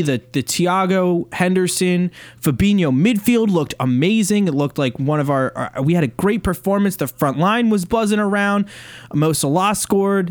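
Man, podcast chat, heated rambling, lots of fillers, higher voice, dry close mic. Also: no room sound. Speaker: Liverpool fan podcast co-host. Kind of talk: casual chat.

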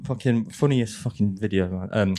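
A man's voice: fairly low pitch, moderate pace, mellow. A man with a Northern English accent co-hosting a podcast, chatting casually, joking, swearing and laughing a lot. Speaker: podcast co-host. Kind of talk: casual chat.

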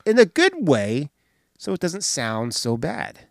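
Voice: mid-range voice, takes it slowly, creaky, dry recording, studio quality. A podcast host casually recapping a comedy film scene by scene. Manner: animated, recounts scenes and does voices.

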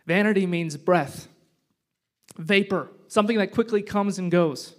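A man preaching a casual, conversational sermon, joking one moment and dropping to a hushed, reflective tone the next. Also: sits high, measured pace. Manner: conversational and joking, swinging between loud punchy lines and hushed reflective ones. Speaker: pastor.

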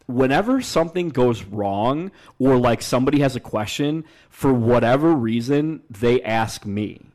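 A young man co-hosting a podcast, telling stories in a casual, animated way, acting out the people he quotes and swearing freely. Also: mid-range voice, measured pace. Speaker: podcast co-host. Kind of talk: casual storytelling chat.

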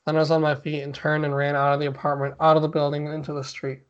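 A man's voice: on the high side, completely flat delivery, racing. A man co-hosting a podcast, reading a spooky story aloud with mock drama and stopping now and then to laugh and chat. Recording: dull lo-fi podcast audio.

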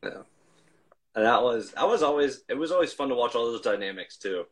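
A man's voice: mid-range voice, animated, brisk, rough recording. A man chatting casually over a video call, reminiscing in a rambling way and restarting his sentences often. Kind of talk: casual chat.

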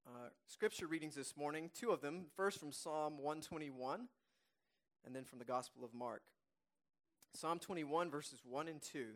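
A male pastor preaching a sermon, emphatic and repeating key phrases, and reading scripture aloud slowly and softly. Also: a little high.

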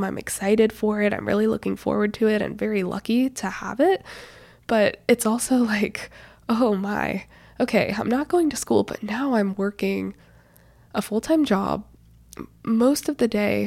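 A woman's voice: mid-range voice, creaky, a little mellow, no echo. A woman in her twenties hosting her own podcast in casual, rambling chat, a bit out of breath and with a stuffy nose. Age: 20s. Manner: chatty, rambling, lots of "like" and "you know". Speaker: podcast host.

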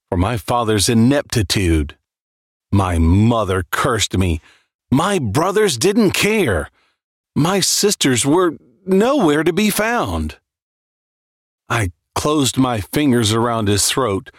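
A man narrating a dark first-person horror story as a dramatic reading, with a brooding, deliberate delivery. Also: medium pitch, dry recording, clean studio sound.

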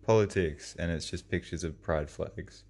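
A man in his thirties with a very deep, gravelly voice chats loosely as a podcast co-host. He keeps things dry and joking and often talks over his partner. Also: moderate pace, a little mellow. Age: 30s. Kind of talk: casual podcast chat.

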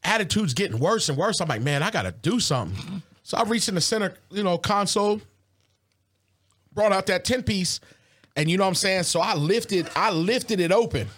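A man's voice: sits high, moderate pace. A young man, telling a wild story in casual slang as co-host of a food review show. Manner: animated, slangy, loud bursts when excited.

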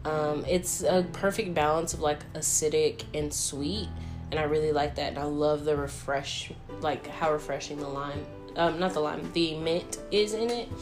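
A young woman telling a story in a chatty, animated way, full of fillers, answering viewer questions. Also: low voice, normal speed, over music. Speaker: vlogger. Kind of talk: casual Q&A storytelling.

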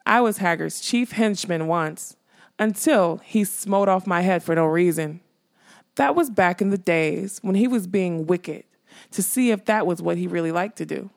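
A woman's voice: lowish voice, creaky. A woman voicing a sly, mocking dead skull. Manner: sly, teasing, slow drawl. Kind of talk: audiobook reading.

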